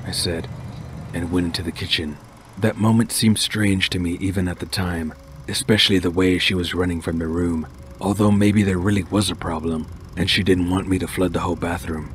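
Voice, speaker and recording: A man narrating a scripted first-person horror story in a steady, measured way. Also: low-pitched. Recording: noisy home recording.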